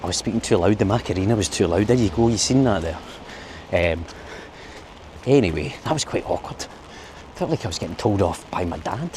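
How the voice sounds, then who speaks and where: A man's voice: fairly low pitch, expressive, fairly quick, darkish tone, a little hiss or hum. Chatty Glaswegian man on a rainy street. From Scotland. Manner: chatty, rambling, laughs at own jokes. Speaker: vlogger. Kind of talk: casual walking vlog. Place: city streets at night in the rain.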